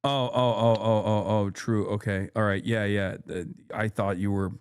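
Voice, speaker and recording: A man's voice: lowish voice, little pitch movement, normal speed, smooth, dry recording. A man hosting a casual reaction stream, talking in a sarcastic, joking way. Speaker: streamer host.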